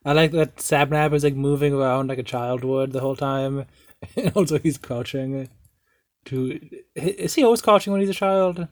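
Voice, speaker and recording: A man's voice: mid-range voice, moderate pace, darkish tone, no echo. Enthusiastic young man, dry close sound. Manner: enthusiastic, stumbling restarts, laughs often. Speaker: podcast host. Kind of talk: casual chat reacting to videos.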